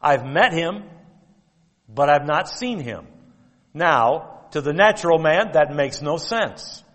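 A male pastor preaching a sermon with emphatic, drawn-out stress on key words and quotes of King James scripture. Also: on the high side, animated, a bit bright. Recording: long reverb of a church hall.

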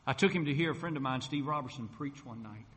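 Man preaching a bright testimony. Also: medium pitch, fast talker. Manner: lively storyteller who acts out dialogue. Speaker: preacher sharing his testimony. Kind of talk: testimony sermon storytelling. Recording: long hall reverb.

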